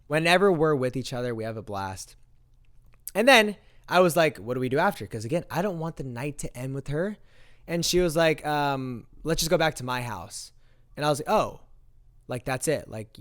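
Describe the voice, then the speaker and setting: A young man vlogging, telling a story in a casual, animated way and acting out the lines he quotes. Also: mid-range voice. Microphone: handheld mic.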